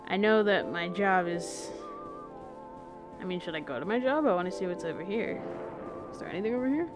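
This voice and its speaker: A woman's voice: lowish voice, lively intonation, a little fast, pauses often. A woman streamer rambling and muttering to herself in casual live gameplay chatter, with some casual swearing, at a home streaming setup. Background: game music.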